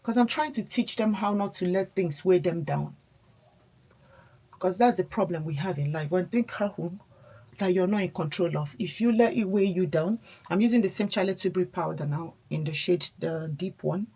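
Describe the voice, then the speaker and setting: Beauty vlogger, woman, husky, lowish voice, chatty and reflective. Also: normal speed, dark tone. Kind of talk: casual chat while doing makeup.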